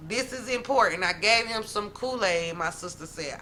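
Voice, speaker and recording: A woman vlogger telling a story from her teens in a casual, animated way, talking straight to her viewers. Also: mid-range voice, moderate pace, hardly any pauses, slight background noise. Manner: animated, dramatic, talks straight to viewers as "y'all".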